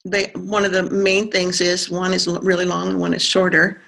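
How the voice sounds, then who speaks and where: An accent coach explaining pronunciation in conversation, pausing to think and sounding out vowels to demonstrate. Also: medium pitch, flat delivery, gravelly, pushed and bright. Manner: thoughtful, pauses with fillers, sounds out vowels to demonstrate.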